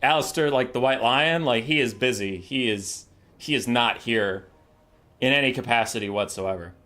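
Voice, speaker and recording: A man voicing flustered, apologetic elf nobles in a quick, casual way. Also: mid-range voice, pushed and bright, pitched below the performer's own voice, lightly acted.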